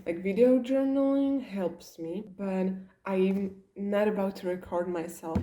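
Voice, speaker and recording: A woman's voice: medium pitch, mellow, a little hiss or hum. Rambling young woman vlogging. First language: Slovak. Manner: rambling, all over the place. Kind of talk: casual vlog chat. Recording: roomy echo.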